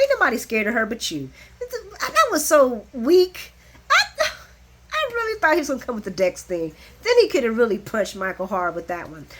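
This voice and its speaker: A woman giving a casual, animated recap of a soap opera, chatty and blunt, laughing often and swearing freely. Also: medium pitch.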